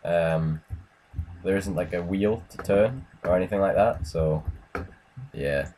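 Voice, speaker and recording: Very low-voiced man chatting while gaming. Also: dark tone, a little hiss or hum. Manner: rambling, repeats himself, quick to tease. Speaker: gamer giving a server tour. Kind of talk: casual gaming chat.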